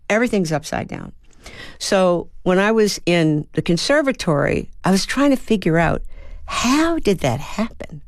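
A woman's voice: fairly low pitch, no echo, clean studio sound. A woman in her seventies from Baltimore, an actor and playwright giving thoughtful interview answers and sounding out rhythms as she tells a story. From Baltimore, USA. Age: 70s. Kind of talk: reflective radio interview answers.

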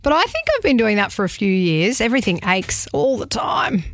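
A woman's voice: medium pitch, very animated, fairly quick, fairly bright tone, no room sound, studio quality. An Australian woman co-hosting a podcast, chatting expressively and laughing easily. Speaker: podcast co-host. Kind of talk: casual chat.

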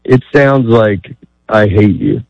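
A man's voice: fairly low pitch, slow, vocal fry, dry recording. A middle-aged man, a stand-up comedian, talking casually in an interview with rambling, self-deprecating asides. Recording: dull, dry studio sound.

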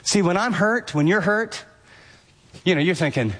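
A man preaching a sermon on a radio broadcast, animated, acting out the inner voices of his listeners. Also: high voice, moderate pace, in a large hall. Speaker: pastor.

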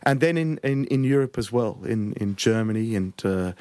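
Interview guest: male conductor, lowish voice, animated storyteller. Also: normal speed, no echo. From Australia. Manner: animated anecdotes with frequent restarts.

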